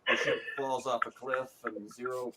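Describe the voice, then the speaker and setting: A man's voice: mid-range voice, level tone, normal speed, background noise. A man recapping an episode in a casual, joking, rambling way. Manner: joking, rambling retelling with quoted voices. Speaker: podcast co-host.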